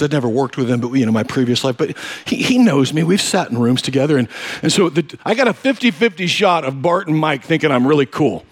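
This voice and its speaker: A man preaching with a somewhat high voice that sounds loose and conversational rather than formal. He tells his story with self-deprecating humor and checks in with the listeners often. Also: big pitch swings, a little fast. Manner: asks listeners directly. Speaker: pastor. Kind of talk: conversational sermon.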